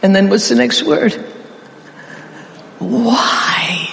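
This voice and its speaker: A preacher delivering a sermon, drawing the congregation into call-and-response and using dramatic pauses and emphasis. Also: medium pitch, creaky, slight background noise. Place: church. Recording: echoey church hall reverb.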